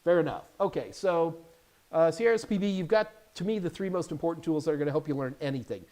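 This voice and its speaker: Chatty man with a fairly high voice. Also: fast. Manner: chatty and animated, with jokey asides. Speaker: host and IT certification instructor. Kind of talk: casual live Q&A stream.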